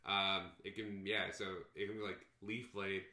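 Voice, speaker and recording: A man's voice: low voice, little pitch movement, a little slow, bright, forceful tone, echoey room. A man co-hosting a casual podcast, agreeable and full of fillers as he chats. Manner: filler-heavy, agreeable, many likes. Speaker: podcast co-host. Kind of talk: casual chat.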